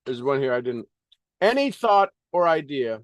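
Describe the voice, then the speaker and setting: A man's voice: medium pitch, very animated, normal speed, no echo, studio quality. A man reading a self-help book aloud and breaking off into emphatic, preachy asides and questions to his listeners. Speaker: motivational book reader and coach.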